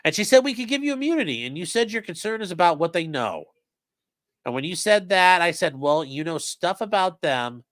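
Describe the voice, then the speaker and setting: Brief: male streamer, lively, a bit high-pitched, swears freely, dry close sound. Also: moderate pace, dry recording. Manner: profane, animated, reads quotes in shifting voices. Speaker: legal commentary streamer. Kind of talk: casual live-stream commentary reading a transcript.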